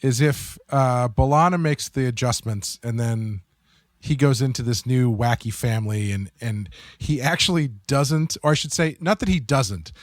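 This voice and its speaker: A man co-hosting a podcast in casual chat, thinking aloud with halting fillers. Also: mid-range voice, no room sound, clean studio sound. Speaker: podcast co-host.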